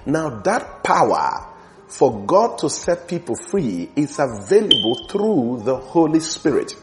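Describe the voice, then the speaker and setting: A man preaching a sermon with fervent emphasis, slowing down and stretching the words he wants to land. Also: fairly high pitch, very animated, music in the background.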